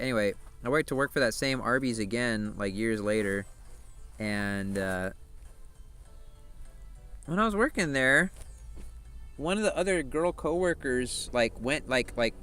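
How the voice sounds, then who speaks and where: A man's voice: mid-range voice, expressive, a little slow, bright, forceful tone, smooth, soft background music. A man streaming a game and chatting casually, telling rambling stories full of profanity. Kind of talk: casual chat while gaming.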